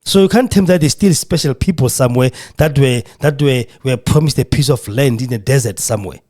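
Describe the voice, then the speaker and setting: A man's voice: mid-range voice, a little fast, darkish tone. A man hosting a podcast, speaking in an impassioned, emotional monologue with a preacher's fervor. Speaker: podcast host. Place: radio studio.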